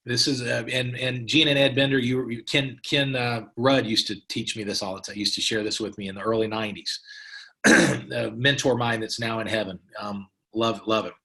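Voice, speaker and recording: A middle-aged man coaches sales partners in a motivational training talk. He is emphatic and repeats his key phrases, often restarting his sentences as he pushes his point. His voice sits at an ordinary middle pitch. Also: fairly even intonation, moderate pace, pushed and bright. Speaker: company president giving partner training.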